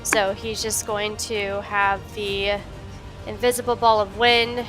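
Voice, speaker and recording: A woman's voice: mid-range voice, little pitch movement, takes it slowly, over music. A woman playing in a tabletop game, talking thoughtfully and with some hesitation about her character. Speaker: player. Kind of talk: casual tabletop game play.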